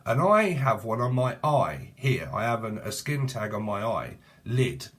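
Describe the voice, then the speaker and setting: A man's voice: on the low side, very animated, measured pace, fairly bright tone. A British man in his forties giving a rambling, jokey tarot reading full of swearing and sudden sing-song asides. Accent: British English. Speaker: tarot reader.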